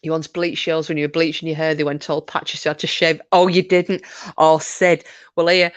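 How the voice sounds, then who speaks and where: A middle-aged livestream host with a low, clean-toned voice talks briskly, trading funny stories and laughs with her viewers and dropping in asides. It's an animated, chatty session, recorded dry.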